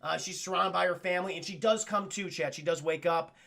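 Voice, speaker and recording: A male streamer recaps a cartoon episode for his chat, animated and full of swearing. His voice sits high with a gravelly edge and a bright, forceful tone. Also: fairly quick. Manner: animated, profane, addressing chat.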